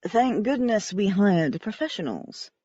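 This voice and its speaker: A woman's voice: medium pitch, big pitch swings, measured pace, mellow, no echo, dull audio. A woman doing a drawling uppity British man. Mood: haughty. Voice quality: husky, silken. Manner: drawling, haughty. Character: uppity refined British man, fussy and chiding.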